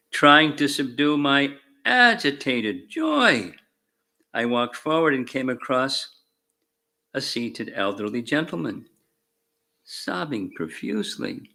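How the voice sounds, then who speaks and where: Slow, measured male scripture reader. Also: medium pitch, bright, forceful tone. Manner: slow, measured reading with fervent emphasis on key words. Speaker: spiritual teacher. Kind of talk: scripture reading with commentary. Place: temple class room.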